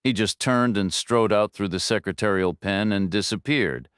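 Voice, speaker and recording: A man narrating a thriller audiobook in a measured, even storytelling manner. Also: fairly low pitch, clear, resonant tone, no room sound, clean studio sound.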